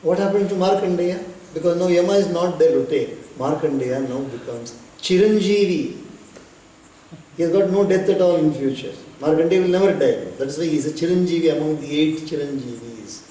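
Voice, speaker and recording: A man, a spiritual teacher telling a devotional story in an unhurried way, with pauses and bits of chanting. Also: fairly high pitch, dark tone. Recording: echoey hall, distant mic, faint noise.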